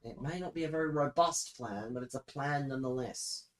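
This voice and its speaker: A man's voice: medium pitch, brisk, poor audio. A young man streaming live, venting to his chat in a profane, sarcastic, exasperated way.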